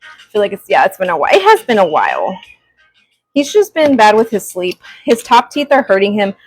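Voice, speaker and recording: A young woman chatting on a craft livestream, greeting viewers with excited gasps. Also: medium pitch, a little fast, dry recording, faint music behind, low-quality recording. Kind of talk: casual livestream chat. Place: craft workspace at home. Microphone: small clip-on mic.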